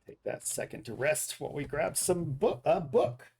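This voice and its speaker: A man's voice: fairly high pitch, very animated, normal speed, vocal fry, a little mellow, slight background noise. A man streaming a game, chatting casually and reading dad jokes, often correcting himself and chuckling at his own jokes. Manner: reads dad jokes aloud. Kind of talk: casual live stream chat.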